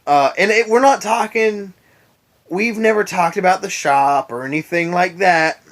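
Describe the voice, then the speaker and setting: A man's voice: sits high, unhurried, a bit bright. A tired young man in bed, venting about an old boss in a casual vlog rant with sarcastic asides. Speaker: vlogger. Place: in bed at home.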